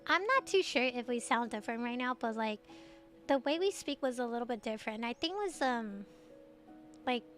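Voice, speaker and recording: A woman from Taiwan, a native Mandarin speaker, chatting casually late at night on her stream, laughing often and answering chat messages. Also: a little high.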